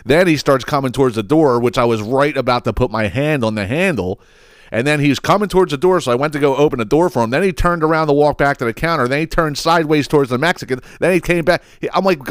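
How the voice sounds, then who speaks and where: A man's voice: on the high side, animated, fast talker, smooth, no echo, studio quality. A man hosting a podcast, telling a rambling, profane story in a casual monologue and laughing as he goes. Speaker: podcast host.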